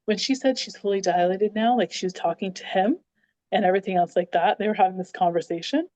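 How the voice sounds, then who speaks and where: A woman's voice: mid-range voice, fast talker, no room sound, low-quality recording. A woman on a podcast, telling a story in a chatty way, filling it with "like" and acting out what people said. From Canada. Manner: animated, says "like" a lot, acts out quotes. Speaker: guest. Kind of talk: casual storytelling.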